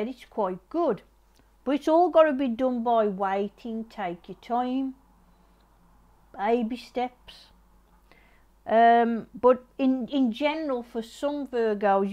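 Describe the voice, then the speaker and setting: A middle-aged woman reads tarot in a casual, chatty way. She has a slightly high voice. She repeats herself often, restarts her sentences and gently urges the listener to slow down. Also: lo-fi sound. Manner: repetitive, restarting, gently advising. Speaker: tarot reader. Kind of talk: casual tarot reading to camera.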